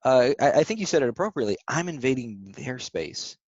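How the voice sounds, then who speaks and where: A man hosting a casual interview over the phone, chatty and quick to laugh as he shares stories. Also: medium pitch, no echo. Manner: chatty, laughs often, lively anecdotes. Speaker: interview host. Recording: dry, dull phone-call audio.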